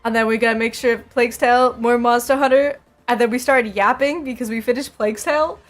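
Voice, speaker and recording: A woman's voice: fairly high pitch, fairly even intonation, a little fast, soft background music. A young woman streaming, chatting casually with her viewers, laughing often and repeating herself.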